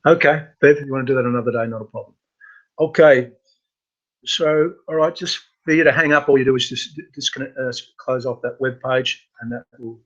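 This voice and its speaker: A man hosting a casual live computer training webinar, talking in a halting way with many fillers and restarts. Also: mid-range voice, dull audio.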